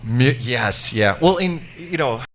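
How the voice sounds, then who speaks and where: A man's voice: mid-range voice, lively intonation, slow, fairly bright tone, a little hiss or hum. A middle-aged man telling a rambling, self-interrupting anecdote as a guest in casual chat. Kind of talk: casual storytelling.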